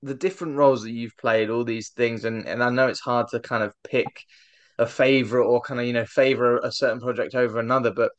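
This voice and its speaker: A man's voice: medium pitch, a bit bright, dry recording. A man hosting a casual interview, asking long, winding questions with plenty of fillers. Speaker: podcast host.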